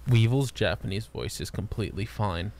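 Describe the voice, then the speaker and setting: A man's voice: fairly low pitch, normal speed, a little mellow. A man co-hosting a casual podcast, joking around and laughing often. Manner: jokey, laughs often, slips into silly put-on voices. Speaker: podcast co-host.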